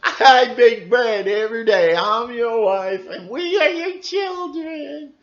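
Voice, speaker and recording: A man voicing a bewildered woman pleading with her husband in a high, strained falsetto, heard on a dull lo-fi recording. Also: animated, slow, a bit bright, exaggerated voice.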